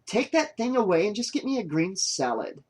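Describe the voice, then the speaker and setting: A man's voice: high voice, very animated, normal speed, a little mellow, husky, voice pushed up, exaggerated voice. A man reading an audiobook, voicing an irritable young woman making a documentary, curt and exasperated. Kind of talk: audiobook character voice.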